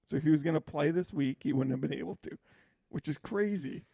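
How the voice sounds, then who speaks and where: A man's voice: a little high, fairly quick, vocal fry, mellow, breathy edge, dry recording. A man co-hosting a golf podcast, relaying news in a matter-of-fact casual chat. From Saskatchewan, Canada. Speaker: podcast co-host.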